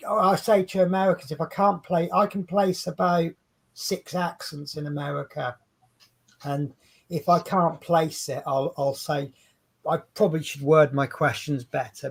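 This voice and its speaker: A man's voice: a little high, fairly even intonation, measured pace. A man, co-hosting a craft livestream in rambling, chatty talk and laughing at his own stories. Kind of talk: casual chat. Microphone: video call stream.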